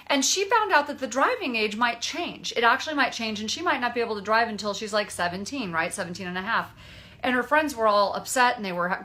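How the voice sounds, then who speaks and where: Bright animated woman telling a story. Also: a little high. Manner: animated storyteller, acts out quotes. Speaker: podcast co-host, nurse. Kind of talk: casual storytelling chat.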